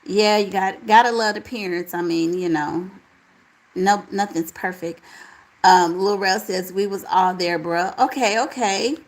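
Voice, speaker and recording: A woman hosting a casual live chat, reading out viewer comments and answering them in a relaxed, talkative way. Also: mid-range voice, unhurried, rough recording. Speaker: livestream host reading chat.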